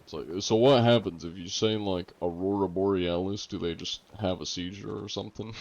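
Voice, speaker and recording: A young adult man streaming a game live, chatting casually with viewers in a relaxed, rambling way full of fillers. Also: deep voice, moderate pace, vocal fry, highs cut off. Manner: relaxed and rambling, lots of "like" and fillers, joking with chat. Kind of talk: casual live-stream chat while gaming.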